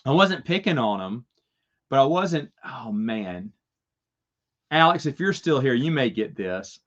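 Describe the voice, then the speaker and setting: A man's voice: mid-range voice, sing-song, unhurried, fairly bright tone, muffled recording. A man hosting a casual Q&A chat, rambling through stories and chuckling at his own jokes. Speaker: host answering viewer questions.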